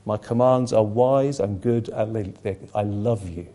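A gentle, reassuring divine voice urges trust and obedience, as a preacher voices it within his sermon. The delivery is soft and warm in intent, spoken plainly. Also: on the low side, a little slow, voice pushed down, lightly acted. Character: loving, reassuring God speaking to believers.

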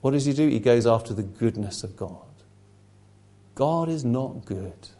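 A man's voice: mid-range voice, expressive, a little slow, dark tone. A man preaching a sermon, impassioned and rhetorical, slipping into mocking asides.

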